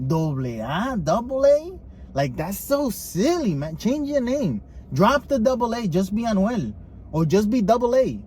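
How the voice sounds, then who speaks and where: Profane, animated man chatting. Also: high-pitched, normal speed, a little hiss or hum. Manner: animated, profane, mixes in Spanish. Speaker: podcast co-host. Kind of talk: casual chat.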